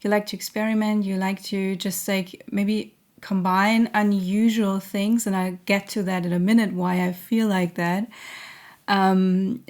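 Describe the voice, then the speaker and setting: A woman giving a spiritual reading to camera, gentle and earnest, hesitant and searching with many pauses and fillers. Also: mid-range voice, flat delivery. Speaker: intuitive reader.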